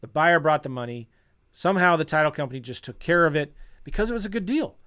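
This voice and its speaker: A middle-aged man talking casually as a real estate coach, telling a story and acting out old conversations with a self-deprecating, animated manner. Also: a little high, fast. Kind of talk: casual storytelling to an online audience.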